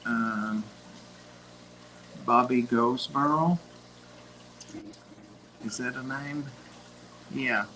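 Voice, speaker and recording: A man's voice: medium pitch, extremely slow, long pauses, pushed and bright, slight background noise, low-quality recording. An older man co-hosting a livestream, chatting casually and telling rambling stories from his younger days. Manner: rambling, reminiscing storyteller. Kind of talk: casual chat.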